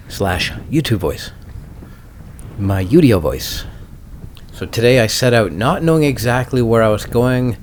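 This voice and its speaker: Man, low-pitched, casual musing, faint hiss in the background. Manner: relaxed, musing, self-mocking. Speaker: podcast host and skater. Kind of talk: casual solo podcast talk.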